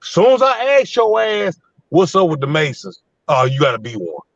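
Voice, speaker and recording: A man in his fifties, guest on a live panel, tells a story from his truck on the road in a heated, profane way. His voice is on the high side with lively intonation and a moderate pace, over a dull lo-fi line with a dry sound and casual panel chat.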